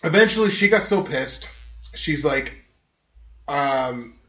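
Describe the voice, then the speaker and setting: A man hosting a casual podcast, telling a story in a lively, profane way and laughing often. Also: a little high, slow pace, echoey room. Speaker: podcast host.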